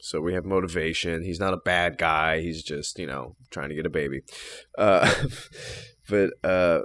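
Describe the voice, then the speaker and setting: A man co-hosting a podcast, chatting casually about a film, retelling scenes with animated, swearing delivery. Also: deep voice, moderate pace. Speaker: podcast co-host. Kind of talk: casual film review chat.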